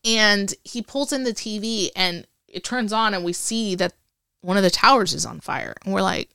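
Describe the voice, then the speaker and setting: A woman in her forties tells a story from her past as an interview guest, lively and chatty. Her voice carries a gravelly fry. The sound is close and dry, with no room around it. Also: medium pitch, moderate pace, no echo. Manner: animated storyteller who acts out remembered dialogue. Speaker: interview guest, Air Force veteran.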